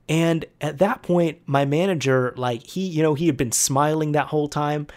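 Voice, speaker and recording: A man's voice: a little high, normal speed. A young man telling a casual, rambling story in a conversational storytime monologue. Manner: rambling, conversational with fillers and restarts.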